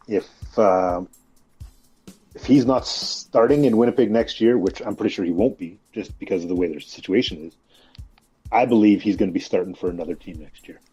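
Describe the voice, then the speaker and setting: A man from Canada co-hosts a casual podcast and talks earnestly, with some hesitation. His voice is dark and husky. The audio sounds dull and lo-fi, with faint music underneath. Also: deep voice. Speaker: podcast co-host.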